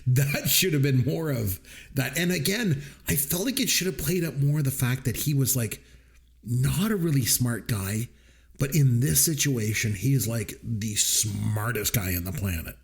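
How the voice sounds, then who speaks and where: A middle-aged man talks casually about a movie with a very lively voice. He animates his stories and slips into other people's voices when quoting them. His pitch sits in a middle range. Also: unhurried, vocal fry. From Canada. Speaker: podcast co-host. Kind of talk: casual movie-review chat.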